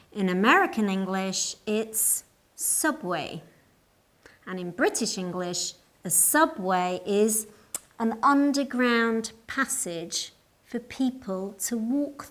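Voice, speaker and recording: Slow, measured woman teaching English. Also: mid-range voice, a bit bright. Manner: slow, clear, deliberate teaching delivery. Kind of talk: scripted lesson narration.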